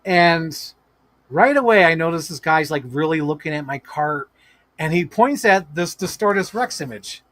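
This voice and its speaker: This is a man talking into the microphone of his home setup during a live stream. His voice sits a little high for a man, and the sound is dry and close. He tells stories in a loose, excitable way, swearing and laughing between sentences. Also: normal speed, dry recording. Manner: animated, profane, laughing storyteller. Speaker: toy collector live streamer. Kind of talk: casual live-stream storytelling. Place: home room with toy shelves.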